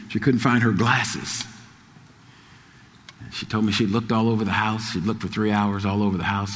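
A male preacher delivering a sermon, moving between quiet storytelling and loud, rising exhortation. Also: on the low side, long reverb tail.

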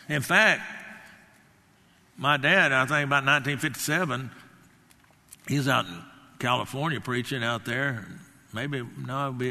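Delivering a sermon in a large hall, this older man has a mid-range, sharp-toned voice. His manner is emphatic; he performs the quotes he cites and wanders off into personal stories.

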